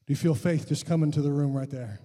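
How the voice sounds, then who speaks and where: A fervent male pastor preaches and prays for healing, his husky voice pitched a little high. He swells from steady teaching into impassioned, near-shouted calls. The sound rings with the long reverb of a big church hall. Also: quick pace. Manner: impassioned, rising to shouted fervor. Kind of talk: sermon and prayer for healing. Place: church sanctuary.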